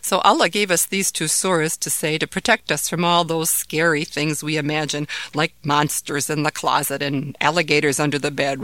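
A woman narrating a children's bedtime story in a calm, gentle way. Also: sits low, normal speed, hardly any pauses, no room sound.

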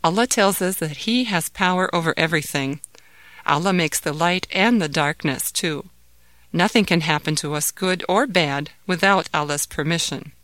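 A woman narrating a children's bedtime story in a calm, gentle way. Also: fairly low pitch, moderate pace, no room sound.

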